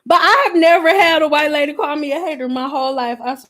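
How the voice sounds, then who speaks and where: A woman hosting a casual hair care livestream, talking animatedly with a sassy, blunt manner and swinging between loud outbursts and quiet asides. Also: high voice, steady tone, quick pace. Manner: says her own voice sounds a little aggressive.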